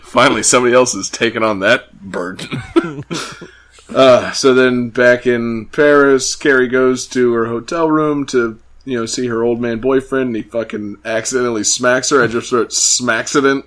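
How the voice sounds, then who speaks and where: A man's voice: medium pitch, steady tone, normal speed, fairly bright tone. A man co-hosting a casual podcast, recapping a TV episode sarcastically, laughing often and acting out the characters' lines. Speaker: podcast co-host.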